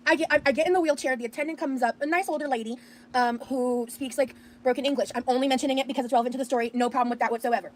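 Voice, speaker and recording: Fast, high-voiced chatty woman storyteller. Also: a little hiss or hum. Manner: chatty, animated, self-aware with fillers. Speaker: streamer telling a story. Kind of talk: casual storytelling.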